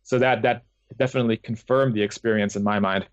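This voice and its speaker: A man's fairly low, steady voice moves fast in a dry recording as he, a guest author, relates his experiences in a casual interview. He rambles with lots of fillers and restarts, heard through dull, lo-fi call audio.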